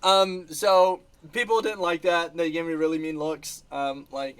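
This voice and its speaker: A man hosting a casual livestream, telling animated stories and laughing between sentences. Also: a little high, unhurried, clean tone. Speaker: channel host reacting to live chat. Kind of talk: casual livestream chat showing trip photos.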